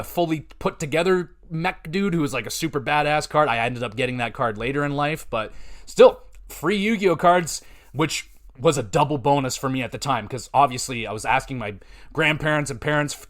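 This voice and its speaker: A man, hosting a podcast and telling rambling, profane, animated stories. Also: a little high. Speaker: podcast host. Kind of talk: casual storytelling.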